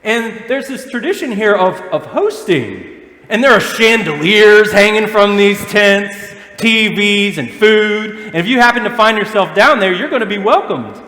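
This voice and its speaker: A man's voice: sits high, pushed and bright. A young male pastor from Alabama with a Southern American accent, preaching a sermon in a conversational style full of rhetorical questions. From Alabama, USA. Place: church sanctuary. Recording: echoey church hall.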